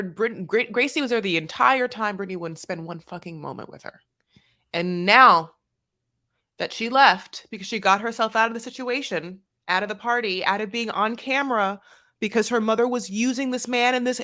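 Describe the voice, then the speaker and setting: A woman co-hosting a podcast, recapping a reality show in casual chat, full of fillers and acted-out quotes. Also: on the high side. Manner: animated, acts out quotes, heavy filler "like". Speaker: podcast co-host.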